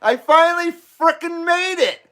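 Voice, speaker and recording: A man hosting his own live stream, excitable and out of breath, swearing freely and laughing between remarks. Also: very high-pitched, measured pace. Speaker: channel host. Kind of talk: casual live stream chat.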